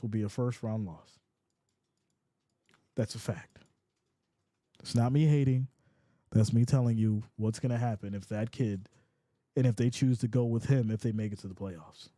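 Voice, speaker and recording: A man hosting a casual live sports reaction stream, reading chat comments aloud in a playful, animated way. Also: medium pitch, no room sound, studio quality. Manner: animated and playful, often laughs.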